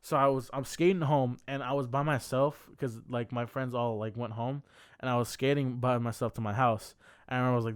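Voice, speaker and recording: A man's voice: medium pitch, steady tone, fairly quick, clear, resonant tone, no echo, clean studio sound. A young man co-hosting a podcast, telling a long personal story in a casual, heavily profane, rambling way full of fillers. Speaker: podcast co-host.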